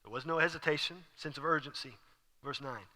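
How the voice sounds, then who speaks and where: A man preaching an animated sermon as pastor, acting out scenes with sudden whispers and exclamations. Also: on the high side, a little fast. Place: church sanctuary. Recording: church hall with long reverb.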